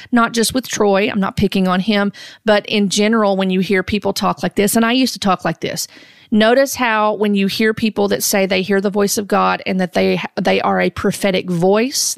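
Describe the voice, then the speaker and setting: A woman giving earnest, measured Christian commentary, often restarting her sentences as she goes. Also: mid-range voice, vocal fry, no room sound, clean studio sound.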